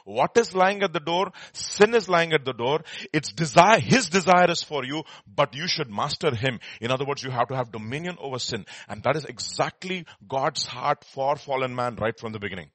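A man teaching a Bible study, emphatic, repeating words and swinging between soft and loud. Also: medium pitch, animated, normal speed, no echo.

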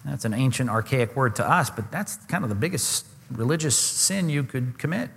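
A man's voice: mid-range voice, lively intonation, normal speed, creaky, a bit bright, husky, in a large hall. A man preaching a sermon, earnest and emphatic, often asking his listeners questions. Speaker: pastor.

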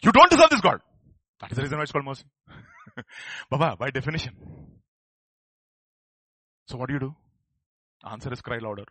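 واعظ رجل بلكنة إنجليزية هندية، صوت مشرق فيه بحّة، يخطب بحماس ويرفع صوته صارخاً. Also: male voice, mid-range voice, a little fast, long pauses, breathy edge, no echo. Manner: animated, rising to fervent shouts. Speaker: preacher. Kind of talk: sermon.

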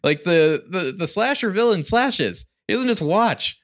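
A man's voice: high-pitched, expressive, a little slow. A man co-hosting a podcast, recapping a TV episode in loose, rambling casual chat full of restarts. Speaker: podcast co-host.

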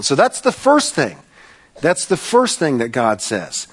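Man preaching a sermon, earnest, slow deliberate pauses, somewhat high pitch. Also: huge pitch swings, a bit bright, breathy edge. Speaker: pastor.

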